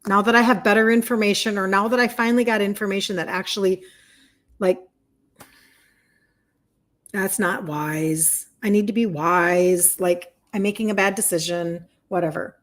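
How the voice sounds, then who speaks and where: A woman's voice: medium pitch, steady tone, moderate pace. A woman in her fifties, a health and wellness coach, chatting heartfelt and open on a livestream and reading viewer comments. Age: 50s.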